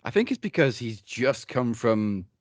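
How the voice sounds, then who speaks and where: A man's voice: mid-range voice, sing-song, measured pace, dry recording. A man co-hosting a wrestling podcast in casual, joking chat, running a points tally. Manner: wry, joking, runs the points segment. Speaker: podcast co-host.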